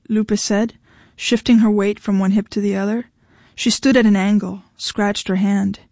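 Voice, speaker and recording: A woman reading a novel aloud in measured storytelling narration. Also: medium pitch, level tone, a little mellow, dry recording, studio quality. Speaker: audiobook narrator. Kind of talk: scripted narration.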